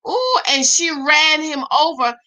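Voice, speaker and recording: Bright-voiced woman chatting with viewers. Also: high-pitched, measured pace. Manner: animated, talks back to viewers' comments. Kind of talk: casual live-stream chat.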